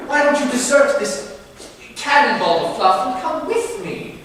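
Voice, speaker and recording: A man's voice: extremely high pitch, big pitch swings, unhurried, a bit bright, slight background noise, full character voice. A young man playing a flamboyant, vain English playwright. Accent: put-on English. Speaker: stage actor. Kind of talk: live amateur stage play. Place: theater stage. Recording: roomy hall recorded from far off.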